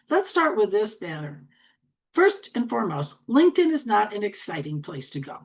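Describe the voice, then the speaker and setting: This is a woman in her sixties, originally from Wisconsin, with an Upper Midwest American accent. She speaks quickly and chattily as she runs an online training, with a folksy, friendly delivery. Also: mid-range voice, breathy edge. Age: 60s. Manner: chatty, fast-talking and folksy. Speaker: LinkedIn coach.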